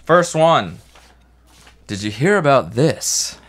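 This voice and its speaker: A man co-hosting a podcast, joking and swearing as he reads news stories aloud haltingly. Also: mid-range voice, big pitch swings, fairly bright tone. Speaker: podcast co-host. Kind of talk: casual podcast chat.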